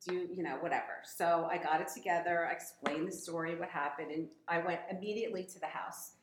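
A woman's voice: lowish voice, fairly even intonation, brisk, background noise. A woman, a guest on a podcast, telling her personal story in a chatty, emotional way. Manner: chatty, emotional, laughs easily. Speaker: podcast guest, gym member. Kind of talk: casual storytelling. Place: audio-only podcast recording. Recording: echoey room.

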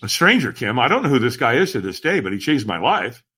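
A man, a podcast guest, telling a personal story in animated conversation, emphatic and acting out what others said. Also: medium pitch, fast talker, husky. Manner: acts out quoted voices, emphatic.

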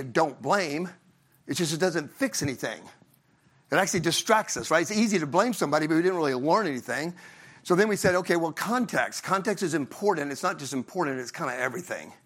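A man's voice: fairly high pitch, fairly bright tone. A middle-aged man from Tennessee giving a conference talk in a conversational way, often asking the audience questions and tagging lines with "right?". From Southern US, Tennessee. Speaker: conference speaker.

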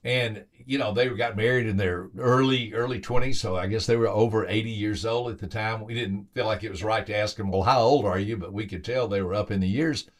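A podcast host and motivational speaker tells a motivational story in a fairly low voice, talking briskly with hardly any pauses. He leans on emphatic, repeated phrases and acts out quoted voices with lively lifts.

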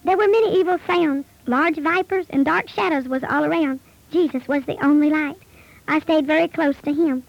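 A woman gives a preached testimony, earnest and pleading. Her voice sits very high with a gravelly, creaky edge. The recording is dull, lo-fi and dry. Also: normal speed, no echo. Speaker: preacher recounting a vision.

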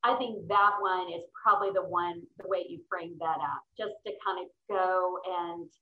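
A woman's voice: fairly low pitch, normal speed, a little hiss or hum. A middle-aged woman, a podcast guest, telling travel stories in an enthusiastic, chatty way. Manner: enthusiastic, storytelling. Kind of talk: casual interview chat. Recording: roomy, slightly dull sound.

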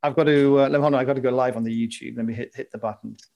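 A man with a gravelly, creaky voice co-hosts a loose live chat. He rambles, jokes and laughs easily as he talks. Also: medium pitch, steady tone, very fast, darkish tone. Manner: joking, rambling, laughs often. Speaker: podcast co-host. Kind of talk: casual chat.

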